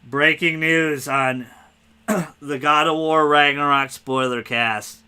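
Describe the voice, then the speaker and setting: A man hosting a casual spoiler podcast, talking excitedly and rambling, cursing freely. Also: fairly high pitch, slow, smooth. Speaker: podcast host.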